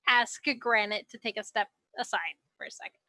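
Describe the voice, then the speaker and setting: A woman's voice: medium pitch, moderate pace, bright, forceful tone, no room sound. A woman playing a tabletop role-playing game, asking questions in character with hesitant ums. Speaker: player.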